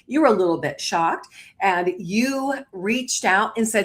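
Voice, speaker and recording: Over a video call, a female talk show host narrates at a brisk, emphatic clip. She delivers the tale with real animation, and her voice jumps sharply higher whenever she hits an important point.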